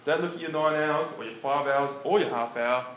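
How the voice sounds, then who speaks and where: A man preaching in a relaxed, conversational way, often chuckling between his points. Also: a little high, a little fast. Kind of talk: conversational sermon. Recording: echoey room with faint background noise.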